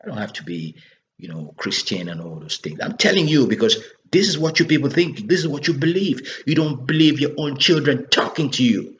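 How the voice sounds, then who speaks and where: A man speaks in an impassioned political monologue, hammering his points with repeated rhetorical questions. His voice sits at a middle pitch. The recording sounds dull and lo-fi. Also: sing-song, brisk. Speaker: political commentator.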